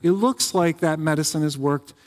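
A man playing a calm, reassuring doctor in a joke during a sermon. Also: fairly high pitch, moderate pace, big-room sound, natural voice. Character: calm, knowing male doctor.

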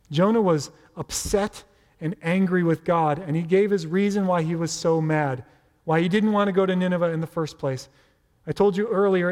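A man's voice: sits high, a little mellow. A man preaching a sermon as pastor, in a conversational, playful way with asides. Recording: reverberant hall.

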